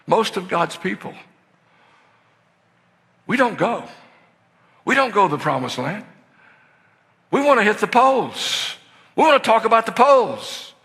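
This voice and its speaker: An older man preaching a sermon, telling stories that swing from hushed to excited shouting. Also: high-pitched, gravelly. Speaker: pastor. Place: church sanctuary. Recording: long hall reverb in a church.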